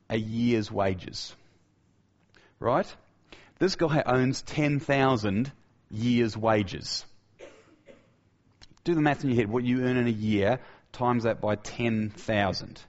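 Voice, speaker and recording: Male preacher, mid-range voice, emphatic sermon delivery with repetition and restarts, softens for key lines; dull recording. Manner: emphatic, repeats key phrases, frequent restarts; drops to a soft, low voice for key points.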